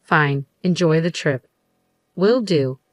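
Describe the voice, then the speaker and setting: A woman's voice: low voice, takes it slowly, no echo, studio quality. A woman voicing a self-centered, complaining husband in a narrated story, with a whiny, dismissive manner.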